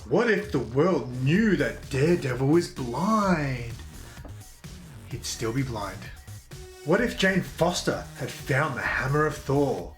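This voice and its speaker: A man's voice: mid-range voice, very animated, slow, faint music behind. An Australian man hosting a comedy show, ranting in a brash, profane, mock-aggressive way. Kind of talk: crude comedic rant.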